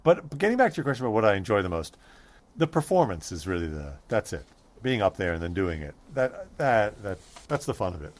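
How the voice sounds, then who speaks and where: A man's voice: on the low side, very animated, brisk. A man being interviewed as a stand-up comedian, talking in a thoughtful way with restarts and dry humor. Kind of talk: casual interview chat.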